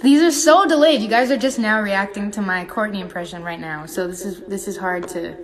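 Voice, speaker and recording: A woman's voice: mid-range voice, brisk, hardly any pauses, soft background music. A young woman in her twenties hosting a casual phone livestream, chatty and playful, reading comments aloud and humming between remarks. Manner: chatty, playful, reads comments aloud, hums and breaks into song.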